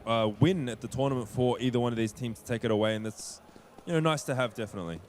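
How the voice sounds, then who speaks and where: A man co-casting an esports match, chatty and quick to laugh as he adds color commentary. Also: mid-range voice, a little hiss or hum. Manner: lively, chatty, laughs easily. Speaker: esports co-caster.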